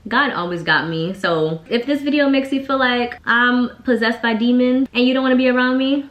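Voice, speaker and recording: A woman's voice: on the high side, normal speed, lo-fi sound. A woman vlogger telling a personal story in a casual, chatty way, full of "like" fillers. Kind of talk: casual storytime while getting ready. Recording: echoey room.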